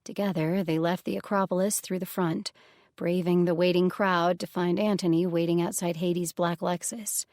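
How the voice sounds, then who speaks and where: In a lowish voice, a woman narrates a fantasy audiobook with a measured, even storytelling manner. It's recorded dry on a close microphone.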